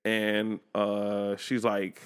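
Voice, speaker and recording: A man's voice: fairly low pitch, drawn-out words, clean tone. A young man co-hosting a podcast, telling stories in casual chat, swearing freely and acting out quotes. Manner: animated storyteller, swearing freely, acts out quotes in other voices. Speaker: podcast co-host.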